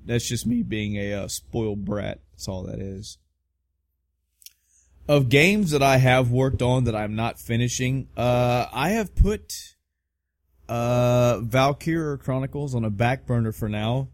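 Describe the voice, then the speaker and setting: A man's voice: mid-range voice, lively intonation, a little slow, no echo, clean studio sound. A man co-hosting a casual podcast, rambling and swearing with self-mocking humor. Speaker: podcast co-host. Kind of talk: casual chat.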